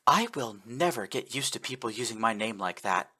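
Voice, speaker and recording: A man's voice: mid-range voice, animated, normal speed, sharp tone, slightly rough, full character voice. A guy doing a serious no-nonsense woman, storybook voice. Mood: firm.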